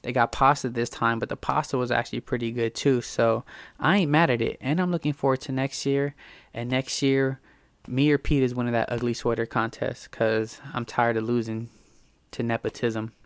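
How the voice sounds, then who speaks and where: A man's voice: medium pitch, flat delivery, normal speed, smooth, no echo. A man hosting a show, telling a rambling, profane story in a casual, slangy way.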